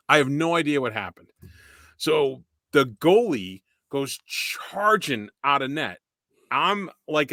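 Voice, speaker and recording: A man's voice: medium pitch, pushed and bright, no echo, studio quality. A middle-aged man co-hosting a podcast, rambling through stories with swearing and laughs. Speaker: podcast co-host. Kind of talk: casual chat.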